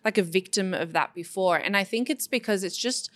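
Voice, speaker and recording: A woman's voice: medium pitch, a little fast, no echo. A woman co-hosting a podcast in casual chat, affirming her partner, asking questions and summing up points. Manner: affirming, summarizes and asks questions. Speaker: podcast co-host.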